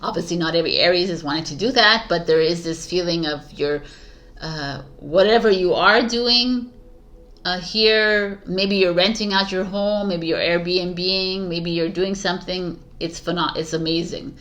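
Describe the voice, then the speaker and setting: A woman's voice: on the low side, normal speed, fairly bright tone. A woman giving a casual, rambling tarot reading straight to her viewers, enthusiastic and full of restarts. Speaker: tarot reader.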